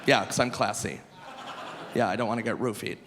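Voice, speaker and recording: A male stand-up comedian performing live on stage, animated and shouting his punchlines high. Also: fairly quick, slight background noise. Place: large live comedy venue. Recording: live hall with long reverb, faint crowd ambience.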